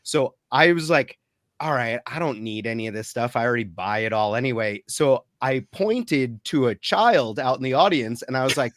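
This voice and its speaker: A man joins a casual podcast as a guest, telling stories with dry, self-deprecating jokes. His pitch is middling. The sound is dry and close, with little room. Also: expressive, normal speed, fairly bright tone, dry recording. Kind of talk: casual chat.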